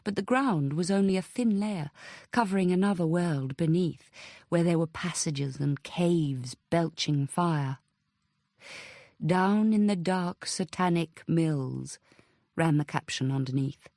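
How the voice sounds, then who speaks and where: Woman reading an audiobook, steady even pace, lowish voice, dry sound. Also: unhurried, dry recording. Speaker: audiobook narrator. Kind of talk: scripted narration.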